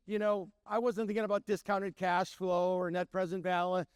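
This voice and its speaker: Middle-aged chef, lively storyteller who acts out quotes; high-pitched voice, dry recording. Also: male voice, normal speed, clear, resonant tone, no echo. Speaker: chef and restaurant owner. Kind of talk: storytelling talk.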